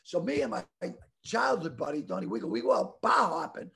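A middle-aged man from the Boston area telling a rambling story with stammering restarts and animated voices. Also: on the high side, a little fast, creaky. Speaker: comedian guest telling a story. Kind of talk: casual storytelling.

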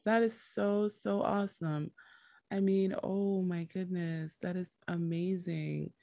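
A woman's voice: fairly low pitch, fairly even intonation, takes it slowly, gravelly, mellow, no room sound, studio quality. A woman hosting an interview, gushing with praise and enthusiasm for her guest. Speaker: host. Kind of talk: interview conversation.

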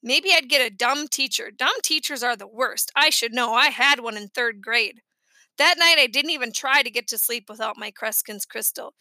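Woman reading a kids audiobook, high bright voice, lively, close dry mic. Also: normal speed, dry recording. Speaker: audiobook narrator. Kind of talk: first-person audiobook narration.

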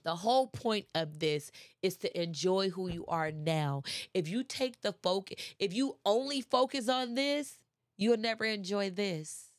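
Woman hyping folks up, repeats herself for emphasis, mid pitch, dry close sound. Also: expressive, measured pace, no room sound. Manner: emphatic, repeats phrases for effect; chatty, addresses listeners directly. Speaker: motivational speaker. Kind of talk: casual inspirational talk.

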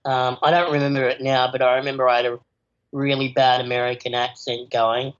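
A man's voice: medium pitch, flat delivery, a little fast, fairly bright tone. Enthusiastic man, lo-fi recording. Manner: enthusiastic, chatty, with fillers like "you know". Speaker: actor, interview guest. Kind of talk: casual interview answers. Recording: slightly dull lo-fi recording.

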